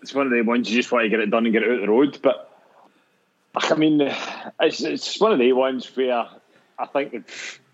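A man's voice: medium pitch, fairly even intonation, moderate pace, highs cut off. A man with a Scottish accent, co-hosting a casual football chat, hesitant and prone to repeating himself. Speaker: podcast co-host.

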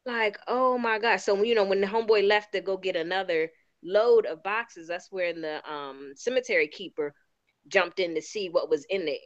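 Animated Baltimore woman, muffled audio. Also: medium pitch. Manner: animated, incredulous, quick asides. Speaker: podcast co-host. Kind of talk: casual chat.

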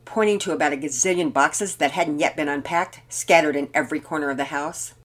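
An older woman, a grandmother, reading a children's story and chatting as host in a gentle, expressive way. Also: deep voice, fairly quick.

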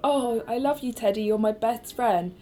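A woman acting out a clingy, possessive high-status child who talks to her teddy bear. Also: moderate pace, mellow, natural voice. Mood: gushing.

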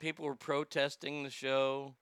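A man's voice: medium pitch, little pitch movement, normal speed, fairly bright tone, clear, resonant tone, dry recording, studio quality. A male comedy host rambling through the news in a profane, sarcastic rant, often stammering and restarting.

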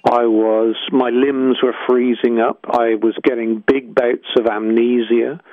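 Brief: male musician guest, halting and reflective, tinny phone-quality recording. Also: mid-range voice, little pitch movement, no room sound. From England. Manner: hesitant, searching, many restarts. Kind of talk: reflective interview storytelling.

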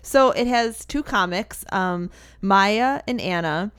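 A woman's voice: medium pitch, expressive, slow, fairly bright tone, smooth. A woman co-hosting a casual chat show, enthusiastic and gushing. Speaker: podcast co-host.

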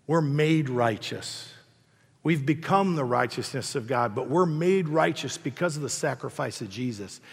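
A man's voice: mid-range voice, lively intonation, measured pace, vocal fry, husky. A man in his sixties, a pastor preaching a sermon in a conversational, self-deprecating storytelling way. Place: church hall. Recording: long reverb of a hall.

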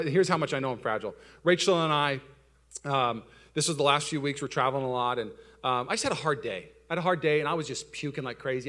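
A young adult man preaches as a pastor, telling stories that poke fun at himself. His delivery swings from loud excitement to soft, low asides.

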